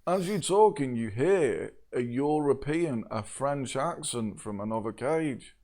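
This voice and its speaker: A man's voice: medium pitch, expressive, measured pace, a little mellow. A man narrating as game master of a tabletop game, often laughing as he talks.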